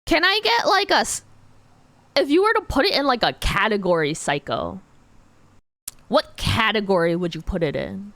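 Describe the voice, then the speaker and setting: A woman's voice: medium pitch, very animated, moderate pace, pauses often, a bit bright, no echo. A woman streamer chatting casually with her viewers while drawing, giggling often and filling her talk with "like.". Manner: giggly, chatty, lots of "like" fillers; answers viewer chat questions.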